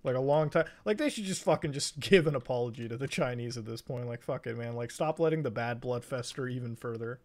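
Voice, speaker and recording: A man's voice: mid-range voice, quick pace, hardly any pauses. A man from Canada streaming a game, chatting casually in a rambling, profane way and laughing often. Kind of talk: casual chat while gaming.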